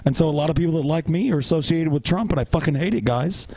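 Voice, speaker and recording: A man's voice: on the high side, lively intonation, fast talker, a little mellow. A man co-hosting a podcast, talking casually with sarcastic, profane banter. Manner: sarcastic, profane, mocking impressions. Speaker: podcast co-host.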